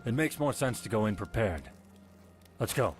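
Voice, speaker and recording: A man voicing a stern, dutiful male captain of the guard in a fantasy video game, speaking in a brisk, dry, matter-of-fact way. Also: lowish voice, lively intonation, natural voice. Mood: wary.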